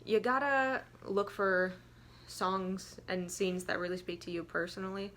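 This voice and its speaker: A woman's voice: mid-range voice, fairly even intonation, measured pace, a bit bright, a little hiss or hum. A young woman vlogger talking casually and self-deprecatingly, full of "like" and asides. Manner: rambling, self-deprecating, frequent "like". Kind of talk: casual confessional tips.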